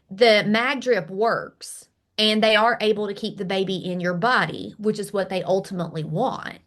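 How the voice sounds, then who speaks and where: A middle-aged woman guest candidly telling a personal story, emphatic and animated. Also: mid-range voice. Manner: animated, emphatic, acts out quoted dialogue. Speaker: podcast guest.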